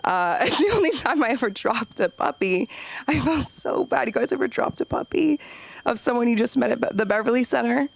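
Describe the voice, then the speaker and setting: A young woman doing open mic stand-up, rambling and self-deprecating, acting out quoted voices with sudden jumps up in pitch. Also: lively intonation, brisk, vocal fry. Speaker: stand-up comedian.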